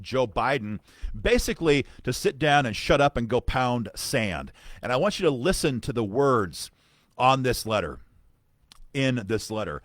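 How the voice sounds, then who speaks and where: A man's voice: on the low side, fairly bright tone, dry recording, studio quality. Fired-up man in a live political stream. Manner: fired-up, emphatic, repeats phrases for punch; asides to viewers while reading documents. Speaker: gun-rights advocacy host.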